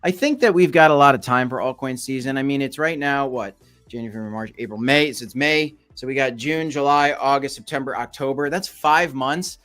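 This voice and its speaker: A man's voice: mid-range voice, fairly quick, fairly bright tone, soft background music. A young man hosting a casual crypto livestream, chatting loosely and reacting to viewer comments as he reads them out.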